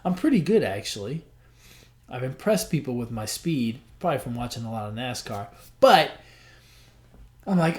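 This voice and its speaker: A male podcast host tells a long personal story in a loose, conversational monologue. His voice sits slightly high for a man. He keeps it animated and acts out the back-and-forth of the people in it. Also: normal speed, pauses often. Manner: animated, acts out quoted dialogue; chatty, frequent "I'm like" and "he goes".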